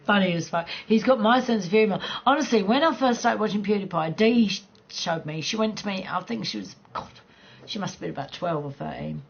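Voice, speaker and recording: Gravelly woman chatting on stream. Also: medium pitch, expressive, brisk, highs cut off. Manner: rambling, swears a lot, laughs often. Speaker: live streamer chatting with viewers. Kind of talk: casual chat on a gaming stream.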